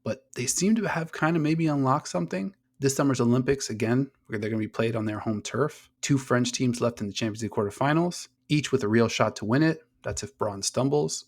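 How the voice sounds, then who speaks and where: Male podcast host, casual and excitable, keen fan energy, cusses freely. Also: mid-range voice, fairly quick, hardly any pauses. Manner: enthusiastic, swears freely, rattles off player names. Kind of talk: casual sports chat.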